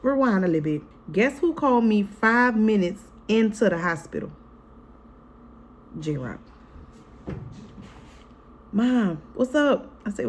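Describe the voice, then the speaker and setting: A woman's voice: on the high side, darkish tone, slight background noise. A woman vlogger and mother telling a story in a casual vlog, frank and profane, chatting straight to her viewers. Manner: chatty, frank and profane, keeps calling to viewers as "y'all" and "girl"; re-enacts scenes vividly in the retelling.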